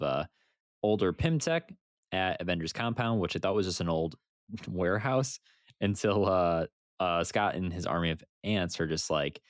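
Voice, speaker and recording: A man co-hosting a podcast in casual chat, animated and laughing as he recaps scenes. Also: low-pitched, no echo, clean studio sound. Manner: animated, laughs and uses fillers while recapping. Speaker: podcast co-host.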